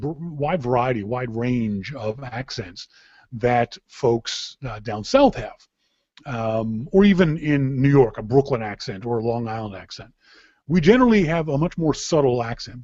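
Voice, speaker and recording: A man from Canada hosts a casual podcast, talking in a rambling, chatty way at an ordinary middle pitch. His sound is dull and lo-fi, and it is dry, with no room echo. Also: a little mellow. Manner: rambling, chatty, with frequent restarts and laughs. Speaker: podcast host. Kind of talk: casual chat.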